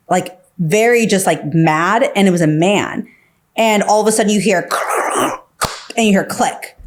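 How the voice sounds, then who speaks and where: A woman's voice: medium pitch, animated, moderate pace. A woman guest on a podcast, telling her story casually, full of fillers and acting out what others said. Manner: filler-heavy, acts out quoted dialogue.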